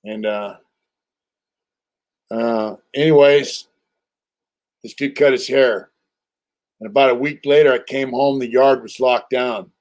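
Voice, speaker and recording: An older man from California hosts a relaxed livestream, drifting through a story. His voice sits in an ordinary middle pitch, and his talk is loose and streetwise, full of fillers and blunt profanity. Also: takes it slowly, long pauses. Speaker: livestream host.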